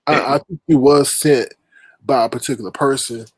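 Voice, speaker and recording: A man's voice: mid-range voice, steady tone, normal speed, husky, no room sound. A man hosting a livestream panel in casual chat, exasperated and laughing as he scolds the guests. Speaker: panel host.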